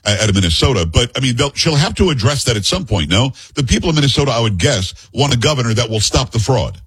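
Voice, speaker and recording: A man hosting a radio interview show, asking quick, pointed questions. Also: mid-range voice, big pitch swings, fairly bright tone, breathy edge, no echo, low-quality recording. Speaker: talk show host.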